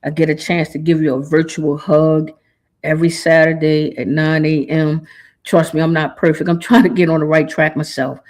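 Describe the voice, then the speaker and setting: A woman's voice: low voice, flat delivery, normal speed, a little mellow. A woman hosting a podcast, talking in an earnest, casual way with informal slang, holding back tears. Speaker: podcast host. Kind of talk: heartfelt podcast monologue.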